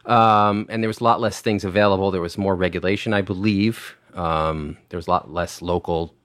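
A middle-aged man with a deep, low-pitched voice spins a long anecdote, circling back with fillers and restarts. The sound is dry and close, with no room around him. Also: moderate pace, no room sound. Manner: rambling, animated anecdotes with many fillers and restarts. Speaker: wine director telling restaurant stories. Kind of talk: casual podcast storytelling.

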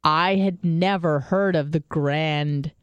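A woman radio co-host in casual studio chat, her voice smooth and clear over a dry, close mic. She tells stories frankly, swears freely and stumbles through fillers. When she quotes someone, her voice leaps much higher. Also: slow pace, dry recording, dull audio. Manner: candid and profane, lots of fillers and restarts.

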